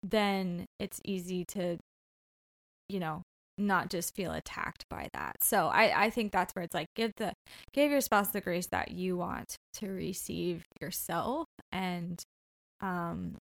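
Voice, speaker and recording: A woman's voice: lowish voice, animated, slow pace, creaky. A woman co-hosting a casual marriage podcast, talking in an earnest, reflective way. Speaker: podcast co-host.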